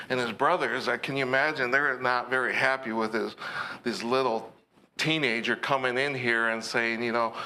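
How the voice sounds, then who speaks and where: Slow, forceful male preacher. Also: medium pitch, a little hiss or hum. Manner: earnest storytelling with conversational asides. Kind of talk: sermon retelling a scripture story.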